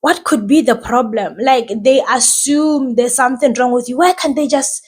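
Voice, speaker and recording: A woman's voice: high voice, moderate pace, darkish tone, breathy edge. A woman who hosts a podcast and talks as a mother, giving casual, reassuring advice and often asking "right?".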